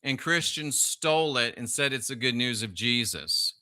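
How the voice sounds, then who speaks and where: A man hosting a solo livestream and reading chat aloud. He is preachy and sardonic, with sudden loud bursts. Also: mid-range voice, animated, moderate pace, no room sound, studio quality.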